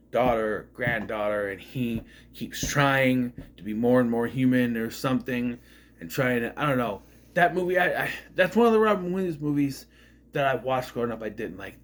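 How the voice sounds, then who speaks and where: A man's voice: medium pitch, a bit bright, slight background noise. A man in his thirties giving a casual, rambling movie review, retelling scenes and acting out the characters' lines.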